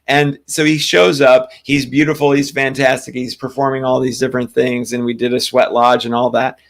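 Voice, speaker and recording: A man's voice: mid-range voice, moderate pace, vocal fry, few pauses. Man telling a rambling story. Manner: rambling, animated storytelling with restarts. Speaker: podcast co-host. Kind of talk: casual spiritual storytelling chat.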